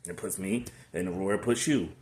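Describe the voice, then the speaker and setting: A man giving a casual, preachy motivational faith talk to his channel in a relaxed conversational way with slangy asides. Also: low voice, moderate pace. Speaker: faith vlogger. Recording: echoey room.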